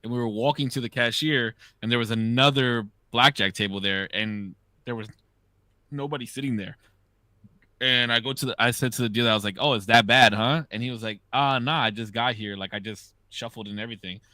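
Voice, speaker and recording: A man's voice: mid-range voice, brisk, pushed and bright, no room sound. A man hosting a podcast, telling gambling stories in a loose, profane, casual way. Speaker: podcast host. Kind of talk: casual chat.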